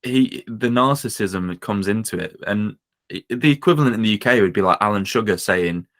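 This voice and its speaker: A man's voice: fairly low pitch, a bit bright. A man co-hosting a casual political podcast, opinionated and mocking. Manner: opinionated, mocking, slips into quick impressions. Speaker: podcast co-host.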